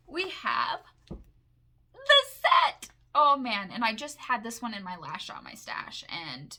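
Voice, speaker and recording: A young woman chatting casually at home in a makeup haul vlog, gushing and rambling with excitement. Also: on the high side, a little hiss or hum. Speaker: makeup vlogger.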